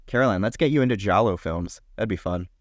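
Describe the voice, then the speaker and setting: A man's voice: on the low side, no echo, studio quality. A young man co-hosting a podcast, eagerly running through film history year by year and swearing casually. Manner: enthusiastic, listing years in quick bursts, swears casually. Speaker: podcast co-host.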